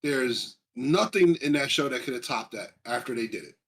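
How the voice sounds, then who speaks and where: Excited rambling male streamer. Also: mid-range voice, normal speed. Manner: excited, rambling, reads chat aloud. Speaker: stream co-host. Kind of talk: casual chat about video game awards.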